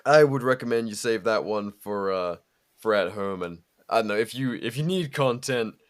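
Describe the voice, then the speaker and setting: A man's voice: fairly low pitch, animated, normal speed. A young man co-hosting a podcast in casual chat, laid-back, swearing often, with lots of fillers and laughs. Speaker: podcast co-host.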